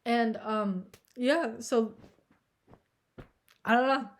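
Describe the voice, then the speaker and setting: Young adult woman, slightly high voice, casual anxious vlog ramble, heavy filler and profanity. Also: extremely slow. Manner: anxious, self-deprecating. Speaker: vlogger.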